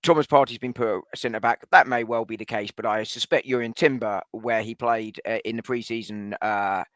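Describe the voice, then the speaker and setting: A man as guest pundit on a casual football chat stream over a video call, analytical and quick to laugh. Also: mid-range voice, steady tone, a bit bright, dry recording. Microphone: home computer mic on a video call.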